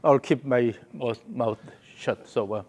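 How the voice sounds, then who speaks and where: A man's voice: medium pitch, unhurried, darkish tone. Man coaching with short repeated cues. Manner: short repeated cues, hums counts and rhythm. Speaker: golf coach. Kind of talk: hands-on coaching session.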